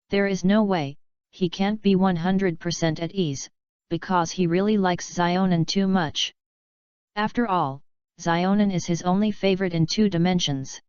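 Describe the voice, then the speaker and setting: A woman narrating a fanfiction audiobook in an even, measured reading. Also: lowish voice, smooth, no echo. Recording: slightly dull, dry lo-fi recording.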